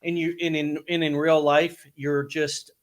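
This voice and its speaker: A man hosting an interview, speaking emphatically, restarting phrases and breaking into bursts of excitement. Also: a little high, unhurried. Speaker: host.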